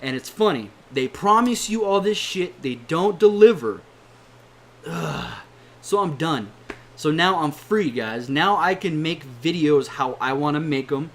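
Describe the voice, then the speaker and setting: A man's voice: fairly high pitch, expressive, measured pace, a bit bright, a little hiss or hum. A young man, a YouTuber, delivering a heated, profane rant to his viewers, blunt and swearing often. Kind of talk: angry rant to camera.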